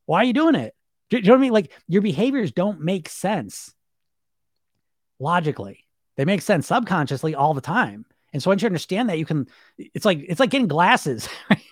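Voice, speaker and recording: A fairly high-voiced middle-aged man talks as a weight-loss coach in a loose, emphatic monologue. He stacks fillers, throws questions at the listener and swears casually. The sound is close and dry, with no room in it. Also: very animated, a little fast, dry recording. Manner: chatty, emphatic, repeats fillers, swears casually, laughs often.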